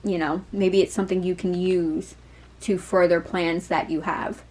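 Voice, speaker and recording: A woman's voice: fairly low pitch, level tone, unhurried, a little mellow, slight background noise, rough recording. A woman doing a casual, rambling tarot reading for her viewers, full of fillers, asides and the odd swear word. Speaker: tarot reader.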